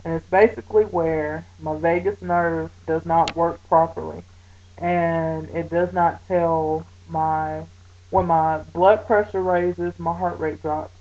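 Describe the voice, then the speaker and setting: A woman talking casually to her camera, chatty and animated, with many fillers as she retells her day. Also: lowish voice, slow pace, highs cut off. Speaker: vlogger.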